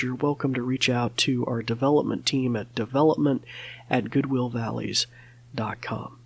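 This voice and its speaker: A man hosting a podcast, talking casually with many fillers and restarts. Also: medium pitch. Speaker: podcast host.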